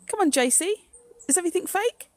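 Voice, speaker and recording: Her voice is very high-pitched and darkish, with lively intonation and a fairly quick pace, in a dry recording. A woman streams a ghost walk outside on her phone, chatting, joking with her audience and laughing a lot along the way.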